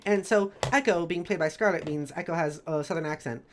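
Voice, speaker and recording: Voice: mid-range voice, a little fast, slight background noise. Streamer, story recap, chatty, giggly, rambling asides. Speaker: streamer narrating campaign lore.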